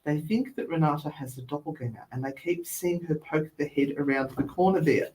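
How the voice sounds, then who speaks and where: A woman's voice: deep voice, a little fast, a little mellow, a little hiss or hum, low-quality recording. A woman hosting a live talk show, chatty and rambling, laughing between her questions. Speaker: host.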